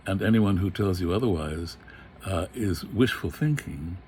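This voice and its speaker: A man's voice: sits low, animated, measured pace, a little mellow, slight background noise. An older man lecturing to an online class on a famous monologue, musing with many fillers and slipping into dramatic recitation. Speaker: literature lecturer. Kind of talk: lecture on Shakespeare with recited verse. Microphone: computer mic for an online class.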